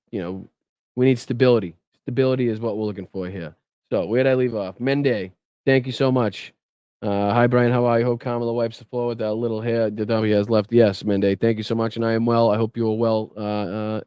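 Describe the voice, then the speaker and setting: A man's voice: mid-range voice, darkish tone, smooth, dry recording. A man hosting a live political stream, chatting casually, rambling and swearing as he thanks viewers. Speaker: livestream host. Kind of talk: casual live chat reading comments.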